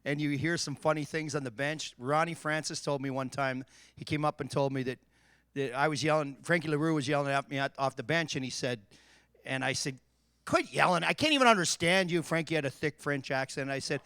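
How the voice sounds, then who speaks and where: A former hockey player tells bench stories in a rambling way, repeating himself as he goes. His voice sits a little high, and the sound is dry. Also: fairly quick, pushed and bright, clean tone, no room sound. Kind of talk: casual chat.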